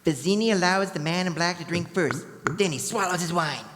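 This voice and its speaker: A woman's voice: on the low side, brisk, a bit bright. A woman narrating a live stage reading, reading out the stage directions plainly. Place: convention stage. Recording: reverberant hall with audience.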